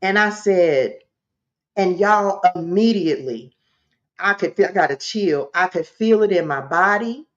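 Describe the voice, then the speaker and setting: A woman, a spiritual coach, telling a personal story to her livestream viewers in an animated, direct way. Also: fairly low pitch, unhurried, highs cut off.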